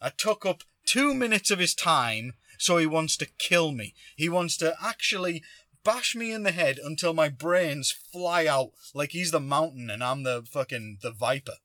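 A man's voice: on the high side, lively intonation, moderate pace, bright, forceful tone, no room sound, studio quality. A man hosting a podcast, telling a story casually and animatedly, acting out quotes. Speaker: podcast host.

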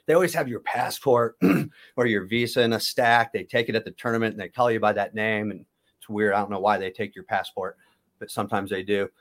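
Rambling, low-voiced man telling stories. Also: steady tone, brisk. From Kansas, USA. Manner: rambling, self-correcting storyteller. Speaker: interview guest, former wrestler. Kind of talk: casual interview storytelling.

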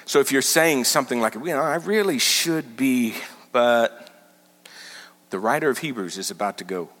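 A man preaching a sermon as pastor, teaching with animated, emphatic repetition. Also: mid-range voice, moderate pace. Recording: large hall with long reverb.

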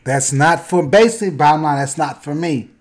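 A man tells a story in casual chat. He is animated and bursts into loud acted-out quotes. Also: a little high, brisk. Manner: animated, acts out quoted voices loudly.

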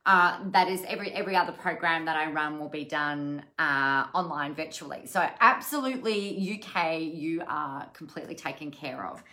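A woman's voice: low voice, moderate pace, hardly any pauses, pushed and bright. Chatty woman coaching live. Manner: chatty, addresses viewers directly, frequent restarts. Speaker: business coach and live show host. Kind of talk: live-streamed coaching talk.

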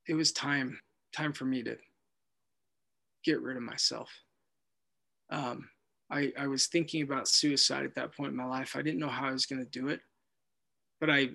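A man giving an earnest personal testimony, halting and restarting as he speaks. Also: mid-range voice, creaky, a bit bright. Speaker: guest telling his life story.

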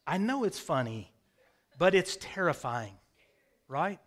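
A male pastor preaching in a storytelling style, his voice sitting a little higher than most men's. He swings from loud, emphatic bursts down to quiet, drawn-in phrases. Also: big pitch swings, slow. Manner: storytelling, dramatic swings in loudness. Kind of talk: sermon. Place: rural home with a hayfield.

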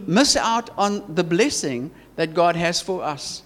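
A man's voice: sits high, animated, slow, a bit bright, big-room sound. A South African man preaching a sermon, earnest and emphatic, repeating himself and restarting phrases.

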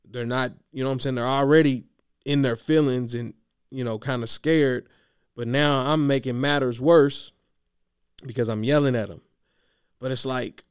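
A man talks straight to camera in a casual vlog, venting about coaching with slangy, animated talk. His voice is gravelly yet smooth and full. It sounds close and dry, with no room around it, and he seems worn out from yelling. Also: medium pitch, no room sound. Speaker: youth basketball coach.

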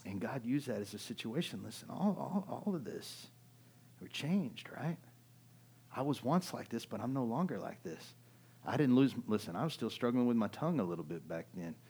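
A middle-aged man preaching a sermon as pastor, talking in a conversational way that swings from loud and urgent to hushed, often checking in with "right?". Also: mid-range voice, very animated, normal speed, slightly rough. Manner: keeps asking "right?" to the audience.

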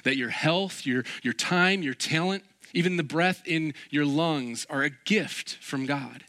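A man preaching a sermon, animated, acting out little quoted voices and joking with his listeners. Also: on the high side, a little slow. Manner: animated, acts out quoted voices, jokes and laughs. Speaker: pastor.

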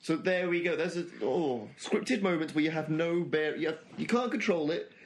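A man's voice: a little high, normal speed, slight background noise. A man in a casual group chat, sardonic and quibbling over points.

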